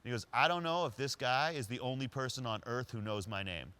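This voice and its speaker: A man acting out a streetwise homeless man who is tough but kind, in a louder, higher, emphatic voice. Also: brisk, clean tone, natural voice. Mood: earnest.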